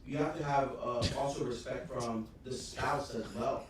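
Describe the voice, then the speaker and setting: A man's voice: mid-range voice, steady tone, moderate pace, crowd noise. A man in a casual podcast chat, thoughtfully laying out his reasoning step by step. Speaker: podcast co-host. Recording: echoey distant mic with clear background noise.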